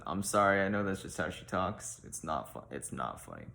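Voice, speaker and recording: Deep-voiced deadpan man hosting an advice show. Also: moderate pace, gravelly, hardly any pauses. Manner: rambling and awkward, lots of ums and likes. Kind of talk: deadpan comedic monologue.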